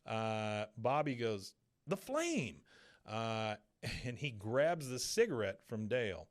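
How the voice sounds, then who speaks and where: A man's voice: on the low side, slow. Man retelling a cartoon episode. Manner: retells scenes, briefly acting out the characters' lines. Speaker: podcast co-host. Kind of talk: casual chat recapping a cartoon episode.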